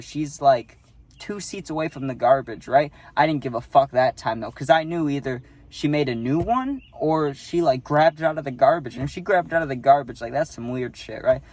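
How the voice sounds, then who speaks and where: Young guy, higher voice, dry sound, casual swearing storyteller, keeps checking "right?". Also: darkish tone, dry recording. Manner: profane, rambling, keeps asking "right?".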